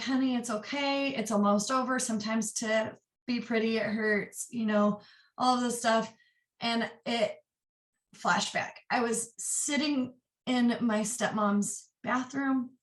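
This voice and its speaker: A woman's voice: a little high, fairly bright tone. Roomy, distant young woman telling her story. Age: 20s. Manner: earnest and open, rushing in quick bursts. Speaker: interview guest. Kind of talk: candid personal storytelling. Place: office. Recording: roomy echo, distant mic.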